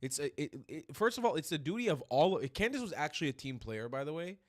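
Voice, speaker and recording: A man's voice: fairly high pitch, sing-song, fast, no echo, clean studio sound. A man hosting a political commentary stream, ranting in furious, profane outbursts. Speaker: streamer host.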